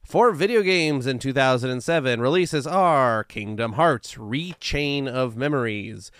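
A man's voice: mid-range voice, unhurried, a bit bright, clean tone, no echo, studio quality. A man co-hosting a casual podcast, laughing at himself and reading out dates and events. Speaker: podcast co-host.

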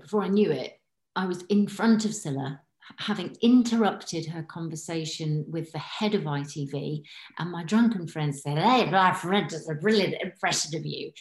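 Giggly woman, low, echoey. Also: warm tone. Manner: chatty, giggly, slips into impressions. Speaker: voice impressionist and actress. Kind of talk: casual chat, podcast guest.

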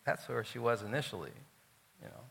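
A man, the pastor, preaching a sermon in an emphatic style, swinging from loud declarations to quiet asides, in a church sanctuary, recorded with long hall reverb. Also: medium pitch, big pitch swings, brisk, vocal fry, breathy edge.

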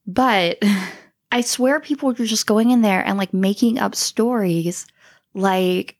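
A woman's voice: mid-range voice, takes it slowly. Woman podcaster rambling casually, lots of "like," keeps cracking up laughing. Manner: giggly storyteller, many "like" fillers. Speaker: podcast co-host. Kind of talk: casual chat.

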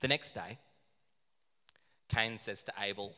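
A man retelling a Bible story in a lively, joking way, laughing at himself as he goes. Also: medium pitch, fairly quick. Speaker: speaker. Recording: reverberant hall.

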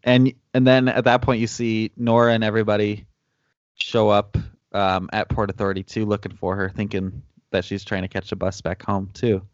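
A man's voice: on the low side, little pitch movement, moderate pace, no room sound, dull audio. A man co-hosting a casual movie recap chat, laid-back, with ums and laughs. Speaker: podcast co-host.

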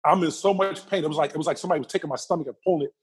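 A man being interviewed, telling a personal story with lively energy and acting out the other people's lines. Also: a little high, racing, breathy edge. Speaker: interview guest.

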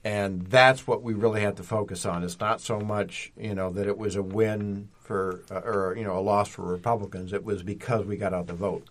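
A man's voice: on the low side, fairly even intonation, normal speed, few pauses. A man co-hosting a podcast in casual chat, laid-back and hesitant. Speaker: podcast co-host.

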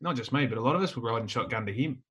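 A man's voice: mid-range voice, rapid-fire, slightly rough. Laid-back Australian man telling stories. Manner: relaxed, rambling, laughs while telling stories. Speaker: guest, former footballer. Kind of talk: casual storytelling chat.

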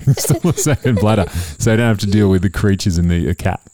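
A man, a father hosting a casual family podcast and joking with his kids. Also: on the low side. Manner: playful, teasing, jokey.

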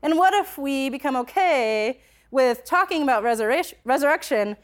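Recounting something from her own life, a young adult woman talks in a high voice with lively intonation at an ordinary speed. Her delivery is chatty and crowded with filler "likes," and her passion builds as the story unfolds.

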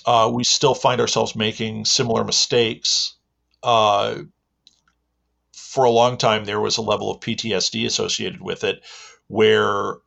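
Midwestern man, low gravelly voice, reflective interviewee. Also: a bit bright. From American Midwest. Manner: halting, reflective. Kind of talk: personal story in an interview. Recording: dull lo-fi recording.

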